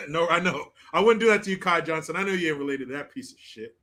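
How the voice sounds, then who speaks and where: A brash male host rattles through a casual livestream in profane, joking banter. His voice sits fairly high and sounds bright and forceful. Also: expressive, fast.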